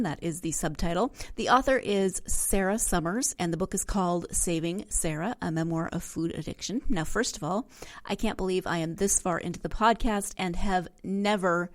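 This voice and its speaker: A woman hosting a book podcast, chatting casually with dry, self-deprecating sarcasm. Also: on the low side. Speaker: podcast host. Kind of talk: casual solo podcast talk.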